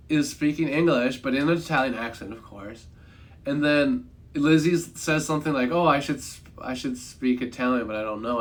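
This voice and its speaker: A man's voice: medium pitch, a bit bright. Rambling young man reviewing a movie. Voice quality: rambling, self-correcting, offhand humor. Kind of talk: casual livestream review chat.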